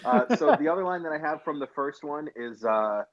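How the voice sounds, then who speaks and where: A man's voice: a little high, big pitch swings, fairly quick, dull audio, crowd noise. A man co-hosting a casual movie podcast, laid-back and joking. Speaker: podcast co-host.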